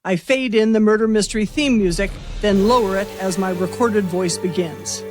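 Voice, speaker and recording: A woman hosting a podcast, giving measured scripted narration for a radio-theater mystery. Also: medium pitch, over music.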